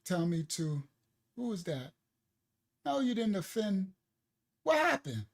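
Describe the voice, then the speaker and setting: A woman teaching scripture on a livestream, animated and joking, with slangy asides and a loud, forceful delivery. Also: medium pitch, slow pace. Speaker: ministry teacher.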